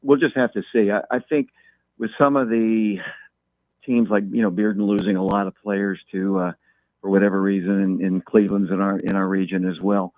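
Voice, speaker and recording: A man calling in as a guest, talking football in a measured way and repeating words as he thinks. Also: on the low side, dry recording. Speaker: guest talking local high school football. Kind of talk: phone-in interview. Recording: tinny phone line.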